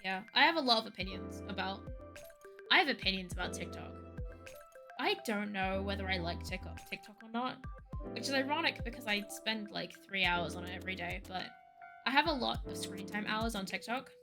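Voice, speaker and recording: A woman's voice: mid-range voice, animated, brisk, over music. A woman streaming from home, chatting casually in a rambling, ranty way, with lots of "like". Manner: rambling, ranty, heavy use of "like". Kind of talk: casual chat.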